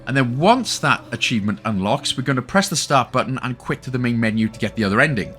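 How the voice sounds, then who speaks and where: A man's voice: mid-range voice, expressive, fast, a bit bright. A Welsh man hosting an achievement guide, talking chattily with joking asides. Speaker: gaming channel host. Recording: faint game music behind.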